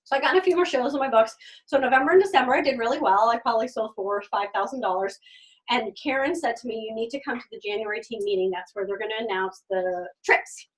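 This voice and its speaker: A middle-aged woman telling her own story in an animated way, acting out what others said and laughing often. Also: fairly high pitch, fast, recorded from a distance, poor audio. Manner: acts out quoted voices, laughs often, lively. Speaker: direct sales consultant telling her story.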